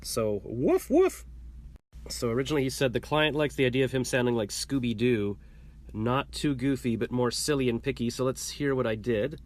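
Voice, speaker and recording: A man's voice: medium pitch, a little fast, slight background noise. A man vlogging casually from his home, rambling and joking in a self-deprecating way. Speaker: vlogger and voice actor. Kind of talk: casual vlog.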